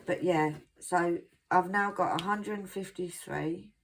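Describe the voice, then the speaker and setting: A middle-aged woman from England chatting casually to her viewers at home, self-mocking and quick to laugh. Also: on the low side, slight background noise. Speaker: craft vlogger.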